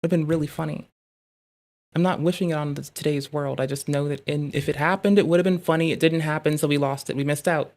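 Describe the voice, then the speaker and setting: A streamer riffing through casual live reaction commentary, rambling from one tangent to the next and swearing freely. The voice sits at a mid pitch and is picked up close on a desk mic at a home setup. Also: fairly even intonation, brisk. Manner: rambling, profane, thinks out loud in riffs.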